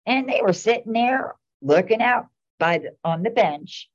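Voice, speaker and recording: Her voice runs on the high side and sounds animated, though she keeps a measured pace. She's a middle-aged town commissioner rambling through casual anecdotes at a meeting, recorded in dull lo-fi sound.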